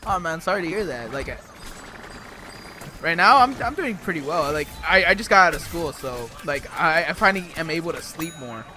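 An excitable young man calling out a co-op game over a headset, his high voice swinging wildly up and down. He talks in a bright, sharp tone, swearing often and repeating words in quick bursts. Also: slight background noise. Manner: excitable, swears a lot, repeats himself rapidly. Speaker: gaming channel host. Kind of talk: live co-op gameplay commentary.

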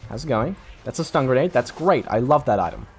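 With a husky, sing-song mid-range voice, a young gaming YouTuber gives rambling late-night commentary a little fast. He sounds tired, mocks himself and curses freely, and soft music plays underneath.

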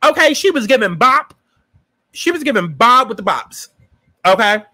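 A man giving a casual, profane recap and review of a TV episode, animated and sassy, acting out his own reactions. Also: very high-pitched, moderate pace, no room sound.

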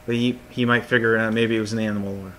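A man's voice: lowish voice, little pitch movement, very fast, a bit bright, slight background noise. A man narrating as game master of a tabletop game, often repeating words as he goes.

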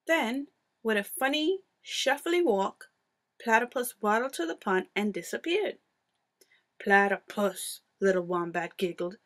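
Expressive woman reading a storybook. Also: a little high, a little slow. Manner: expressive, playful read-aloud delivery. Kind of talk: storybook read-aloud.

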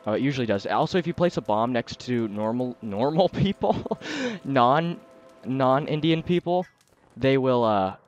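A man's voice: medium pitch, lively intonation, muffled recording, slight background noise. Chatty man guiding a game. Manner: directs the player, chatty and quick to laugh. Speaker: let's play host. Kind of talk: casual gameplay commentary. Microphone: headset mic.

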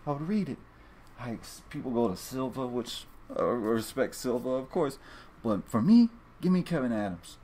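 A man's voice: medium pitch, animated, normal speed, mellow. Rambling, profane man talking straight to viewers. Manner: rambling, profane, repeats and restarts a lot. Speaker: fantasy sports video host. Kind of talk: casual monologue to viewers.

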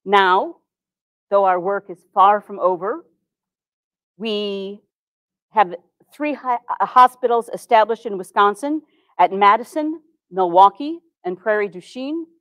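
A woman playing an earnest 1860s reformer, telling her story in a first-person historical monologue with formal, measured diction. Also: mid-range voice, lively intonation, fairly bright tone, dry recording, rough recording. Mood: recounting. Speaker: historical reenactor.

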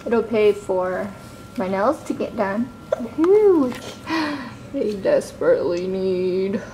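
A woman vlogging at home, talking to her baby son in a high, sing-song baby-talk voice. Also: very animated, slow, dark tone, a little hiss or hum. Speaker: mother and vlogger. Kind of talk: casual home vlog.

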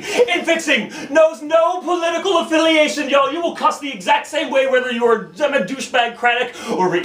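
A man's voice: very high-pitched, fairly bright tone, roomy sound, recorded from a distance. A man with an American accent performing slam poetry on a bar lounge stage, rhythmic, emphatic and profane. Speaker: performance poet.

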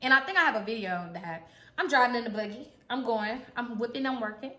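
A woman's voice: on the high side, quick pace. A young woman with a Houston accent telling a funny storytime, laughing often, full of slang and acting out what people said. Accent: Houston, Texas. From Houston, Texas. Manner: animated, laughing often, slangy, acts out dialogue. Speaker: vlogger. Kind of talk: casual storytime. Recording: echoey room.

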